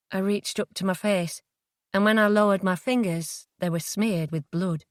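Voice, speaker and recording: A woman reading a suspense audiobook in a measured, dramatic way on a close studio mic. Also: medium pitch, fairly even intonation, no echo. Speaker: audiobook narrator. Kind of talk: scripted narration.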